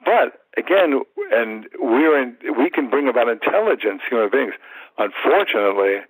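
A man in his seventies, a martial arts teacher, telling stories in an animated way in a podcast interview. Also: mid-range voice, normal speed, breathy edge, no echo, poor audio. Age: 70s. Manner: animated storyteller, acts out quoted thoughts, repeats words.

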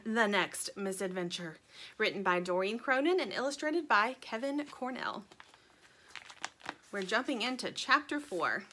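A woman reading a children's chapter book aloud in a friendly, expressive way. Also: a little high.

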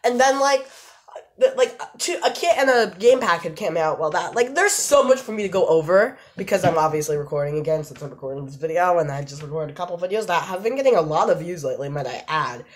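A woman reacting to a game trailer, gushing and excitable, squealing and laughing between exclamations. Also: lowish voice, quick pace. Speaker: gaming YouTuber.

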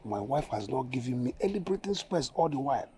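An actor with a Nigerian accent playing an anxious, puzzled married man with a gravelly voice. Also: medium pitch, big pitch swings, fairly quick, warm tone, a little hiss or hum, close to an everyday voice. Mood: worried. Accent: Nigerian English. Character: worried married man waiting for family.

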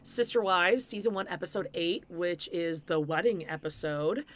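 A woman's voice: fairly low pitch, moderate pace, a crowd in the background. A woman co-hosting a podcast, chatting frankly and swearing freely. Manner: ends with show announcements. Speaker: podcast co-host. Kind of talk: casual chat.

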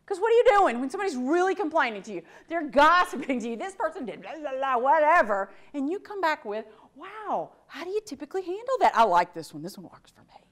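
Lively high-voiced woman teaching a class. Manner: animated, acts out sample phrases. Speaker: workplace trainer. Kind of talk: lecture to a class.

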